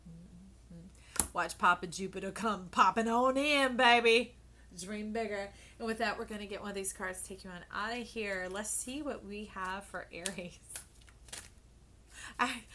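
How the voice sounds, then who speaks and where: A woman giving a casual tarot reading to camera, playful and animated, who often drops to a soft whisper and calls her listeners "baby" and "y'all". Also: mid-range voice, moderate pace, slight background noise. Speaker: tarot card reader.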